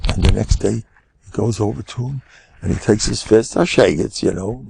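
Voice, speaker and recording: An older man, giving an animated storytelling class as a rabbi. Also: on the low side, moderate pace, creaky, breathy edge, dry recording. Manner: animated, acts out quotes in raised voices, laughs often. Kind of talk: lively storytelling lecture.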